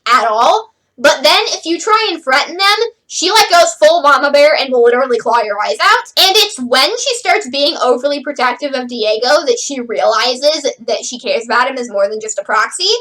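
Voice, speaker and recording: A woman reviewing a show in a casual, sarcastic way, her high voice swooping up and down as she goes. She has a bright, sharp tone and keeps dropping "like" into her sentences. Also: lively intonation, moderate pace, hardly any pauses, low-quality recording. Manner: chatty, sarcastic, lots of "like" fillers. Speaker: host reviewing a TV series.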